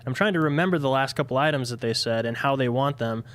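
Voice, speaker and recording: Casting: male co-host, smooth clear voice, easygoing storytelling. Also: mid-range voice, quick pace. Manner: relaxed, anecdotal, short acknowledgments. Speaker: podcast co-host. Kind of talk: casual chat.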